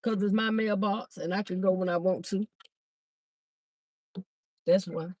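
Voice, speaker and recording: A livestream host and vendor walks from her car through the garage into the house, holding her phone and talking fast to viewers she calls "y'all," a little out of breath. Her medium-pitched voice has a steady, darkish tone, and there's no echo.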